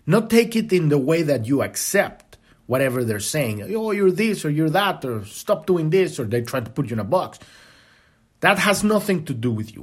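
A man talks through a spiritual self-help idea in a casual, profane podcast monologue, stumbling over his words and restarting often. His voice is somewhat husky and sits a bit high for a man. His pitch swings widely as he acts out angry reactions and then softens. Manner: casual, profane, animated, many restarts and fillers. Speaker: podcast host.

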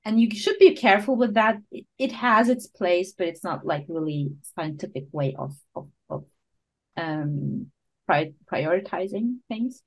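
A woman's voice: lowish voice, animated, unhurried, slightly rough, poor audio. A woman guest on a podcast interview, a product management coach, explaining ideas step by step with fillers, restarts and frequent laughter, sometimes searching for English words. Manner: laughs often while talking.

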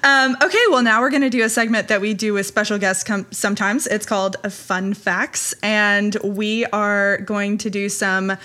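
Giggly, bright-voiced woman podcast host. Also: mid-range voice, moderate pace, few pauses. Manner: giggly, animated, teasing. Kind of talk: casual podcast chat.

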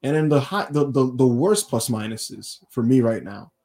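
Animated male podcast co-host. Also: mid-range voice. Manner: animated storyteller, doing quick voices of people he quotes. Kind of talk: casual chat.

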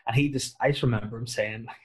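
A man's voice: mid-range voice, fairly even intonation, fast. A man in his thirties, a comedian, telling self-mocking stories in a rambling casual chat, full of fillers and restarts. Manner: rambling, self-deprecating storytelling with many fillers. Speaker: comedian and podcast guest.

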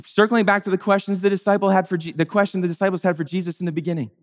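A man's voice: high voice, quick pace, few pauses. A man preaching a sermon in a conversational, wry way, sometimes acting out the people in the story in playful voices. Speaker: pastor.

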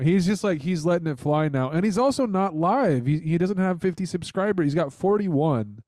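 A man's voice: sits high, lively intonation, moderate pace, hardly any pauses, a little mellow, no room sound, studio quality. A man hosting a podcast who rambles along casually and swears while mocking someone. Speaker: podcast host.

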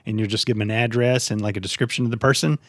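A man's voice: mid-range voice, steady tone, very fast, no room sound, studio quality. A man hosting a podcast in casual chat, joking and playful, acting out silly scenes. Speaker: podcast host.

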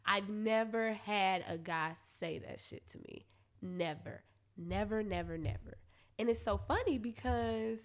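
A young woman hosting a podcast, telling a candid, profane story in a casual monologue with quick asides to her listeners. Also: mid-range voice, sing-song. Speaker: podcast host.

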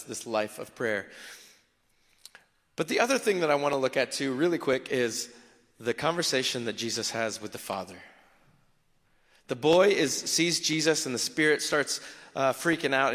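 A man, a pastor, preaching a sermon in a conversational, animated way with acted asides. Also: mid-range voice, long reverb tail.

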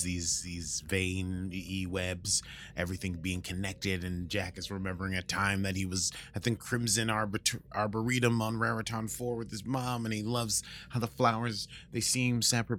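A man hosting a casual recap chat, rambling through the story and acting out quotes in goofy voices, with a morning voice that is still warming up. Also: deep voice, slight background noise. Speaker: podcast host recapping an episode.

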